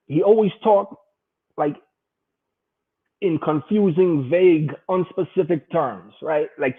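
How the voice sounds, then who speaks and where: A man telling stories in a casual chat, animated and swearing freely. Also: fairly high pitch, slightly rough. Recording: tinny phone-like line.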